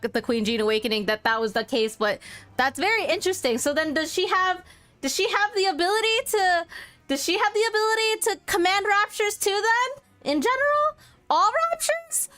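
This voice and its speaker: A woman's voice: high voice, fairly bright tone. A woman streamer giving casual, rambling commentary on a game, with restarts and swearing.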